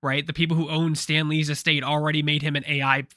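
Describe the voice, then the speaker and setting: A man's voice: on the high side, flat delivery, quick pace, pushed and bright, no echo, clean studio sound. A man co-hosting a casual pop culture talk show, rambling and opinionated with frequent restarts. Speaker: co-host. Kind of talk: casual podcast discussion.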